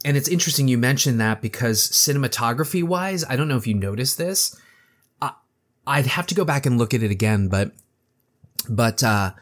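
A man casually discussing a horror movie with a co-host, animated and acting out lines as he talks. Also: medium pitch. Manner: animated, acts out quotes, conversational asides.

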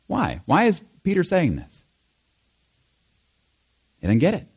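A man's voice: a little high, takes it slowly, husky. Man preaching in a conversational sermon. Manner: conversational, animated, acting out quotes with laughs. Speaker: pastor.

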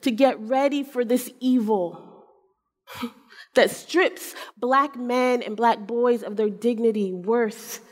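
A woman's voice: a little high, slow. Earnest storytelling woman in a hall. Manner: earnest storytelling, acts out her son's voice. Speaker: speaker giving a church talk. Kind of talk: personal story sermon. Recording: long hall reverb.

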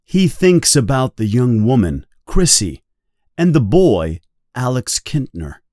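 A reader takes a novel slowly and clearly, pacing it as guided reading for English learners. His pitch rises and falls with lively expression. He sits close to the mic in a dry, dead space with no echo.

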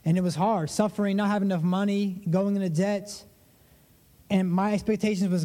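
High, mellow-voiced man preaching in a hall. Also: fairly even intonation, fairly quick. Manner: conversational preaching, acts out prayers with rising pitch. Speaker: pastor. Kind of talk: sermon.

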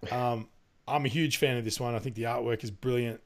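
A man's voice: medium pitch, fairly even intonation, brisk. A man in casual podcast chat, rambling with lots of fillers, laughing and swearing as he talks. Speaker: podcast co-host.

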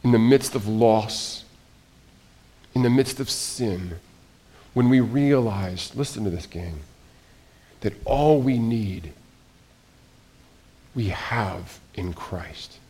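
The sermon comes from a middle-aged pastor of medium pitch who speaks slowly, leaving long pauses. Quiet, almost whispered remarks give way to loud, excited outbursts, and he frequently restarts what he's saying.

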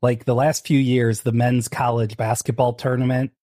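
A man's voice: mid-range voice, little pitch movement, normal speed, dark tone, dry recording, studio quality. A man hosting a podcast in casual chat, joking and laughing often. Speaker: podcast host.

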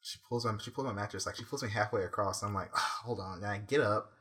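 Husky young man telling a story. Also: lowish voice, fast. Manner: animated storyteller, mimics family members. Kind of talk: casual chat.

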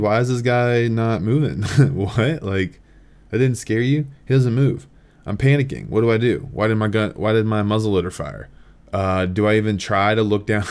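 A young man hosting a podcast and telling a story in a casual, animated way, swearing and laughing as he talks. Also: fairly low pitch. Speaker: podcast host.

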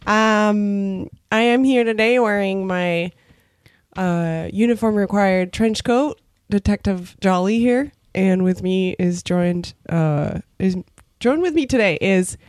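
A woman's voice: medium pitch, takes it slowly, a little mellow, no echo, clean studio sound. A woman hosting a podcast in casual chat, laughing often. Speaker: podcast host.

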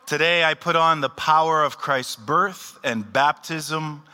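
A man speaking as a pastor, giving a sermon and calmly leading his congregation in a recited prayer. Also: a little high, clear, resonant tone. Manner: calm, unhurried, leads a recited prayer. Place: church hall. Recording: long hall reverb.

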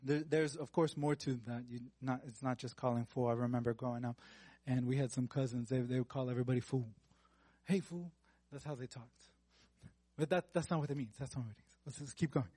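A man's voice: medium pitch, steady tone, fast talker, mellow, slightly rough, no echo. A man preaching a conversational sermon, reading Bible verses aloud and breaking off for casual, joking asides.

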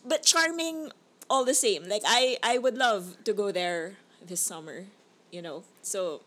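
A woman's voice: mid-range voice, measured pace, fairly bright tone. A young woman co-hosting a casual movie-review podcast, rambling and hesitant with many fillers. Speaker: podcast co-host.

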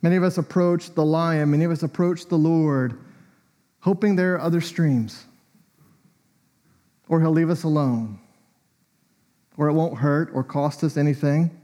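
A man's voice: on the high side, unhurried, long pauses, dark tone. A man preaching a sermon in a conversational, storytelling way, often with a light chuckle.

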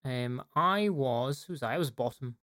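A man's voice: mid-range voice, expressive, moderate pace, fairly bright tone, no room sound. Laid-back man from Lewis, dry sound. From Isle of Lewis, Scotland. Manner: laid-back, laughing, trailing off. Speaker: podcast co-host, teacher. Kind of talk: casual chat.

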